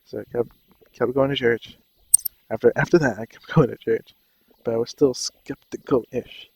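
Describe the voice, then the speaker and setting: A man's voice: mid-range voice, fairly even intonation, moderate pace, darkish tone, breathy edge, low-quality recording. A young man casually telling a personal story on a vlog, rambling and often losing his train of thought. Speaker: vlogger.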